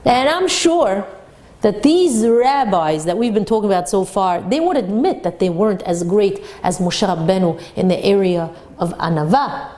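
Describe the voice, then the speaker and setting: A woman teaching a Torah class for women, retelling a story with animated, dramatic delivery. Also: mid-range voice, normal speed.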